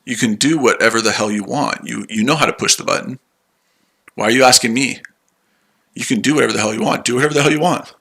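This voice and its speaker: Male trading streamer, tired and mocking, bright tense tone. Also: medium pitch, brisk, creaky, long pauses, husky. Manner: sarcastic, repetitive, combative. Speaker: trading livestream host. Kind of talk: live trading stream, answering chat.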